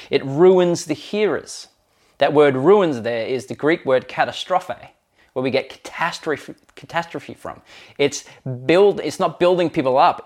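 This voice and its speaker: A man preaching a sermon, earnest and conversational, with frequent fillers. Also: fairly high pitch. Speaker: pastor.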